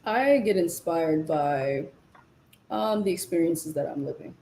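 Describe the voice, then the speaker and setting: A woman's voice: sits low, a little slow, dark tone, echoey room, a little hiss or hum, poor audio. A young woman musician as a guest, talking loosely with slang and lots of fillers. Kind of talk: casual chat while eating. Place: Los Angeles.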